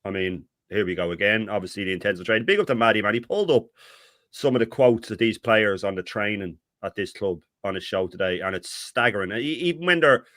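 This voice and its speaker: A man's voice: fairly low pitch, brisk, a bit bright, dry recording, studio quality. Exasperated man ranting on a fan show. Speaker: co-host. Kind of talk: heated fan talk.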